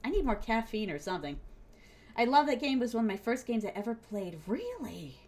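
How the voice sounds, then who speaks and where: A young adult woman talks casually to her chat while she plays a game, with a slightly high voice. She is bubbly and giggly, fills her talk with little fillers, and breaks into squeals now and then. She calls her viewers fond pet names. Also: very animated, brisk, a little mellow. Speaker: streamer.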